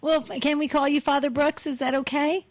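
A woman co-hosting a radio fundraising appeal, bright and encouraging as she asks listeners to pledge. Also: high-pitched, flat delivery, fairly quick. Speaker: radio co-host.

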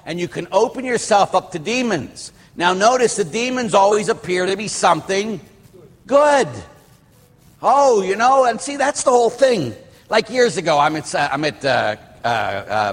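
A middle-aged priest from Pittsburgh preaches a sermon, wandering into personal stories with frequent restarts and asides. His voice sits a little high for a man and has a husky edge. The sound carries a long reverb, as in a church hall. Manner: rambling storyteller, restarts and asides. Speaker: Catholic priest.

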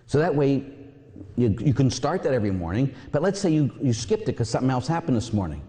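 A Catholic priest preaching a sermon, telling stories with lively energy and acting out voices. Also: male voice, mid-range voice, quick pace. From Pittsburgh area. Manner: animated storytelling, acts out voices. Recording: long hall reverb.

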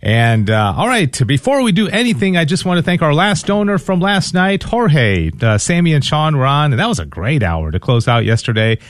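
A man's voice: on the high side, very animated, normal speed, few pauses, no echo. A man hosting a radio pledge drive in a studio, upbeat, explaining at length with fillers and restarts. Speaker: radio fundraiser host. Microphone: studio mic.

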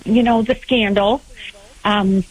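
Hesitant middle-aged woman calling in slowly. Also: mid-range voice, steady tone, breathy edge, poor audio. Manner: hesitant, many ums. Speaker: caller.

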